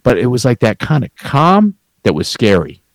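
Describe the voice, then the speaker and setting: A man's voice: mid-range voice, big pitch swings, moderate pace, no echo. A man telling a rambling, profanity-laced work story in casual chat, with frequent restarts.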